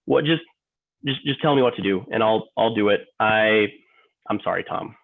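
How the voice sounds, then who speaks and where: A man's voice: lowish voice, moderate pace, creaky, voice pushed down. A man playing an emotional office worker in a training role-play, stammering, repeating himself and apologizing over and over. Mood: distraught. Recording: tinny phone-like line.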